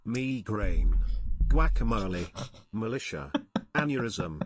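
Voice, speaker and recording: A man's voice: on the low side, very animated, slow pace. A computer-generated male voice reading viewer messages aloud in a stiff synthetic way. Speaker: text-to-speech donation reader.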